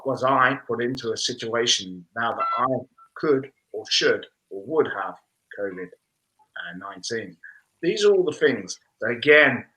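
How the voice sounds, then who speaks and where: A man's voice: medium pitch, sharp tone, rough recording. A man on a video-call business chat, talking earnestly in a speechmaking way with frequent restarts. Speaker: panellist on a business chat show. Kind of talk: casual panel discussion.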